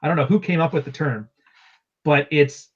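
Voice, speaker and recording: A man's voice: fairly high pitch, moderate pace. A man chatting casually as a podcast guest, heard over a dull, lo-fi remote connection.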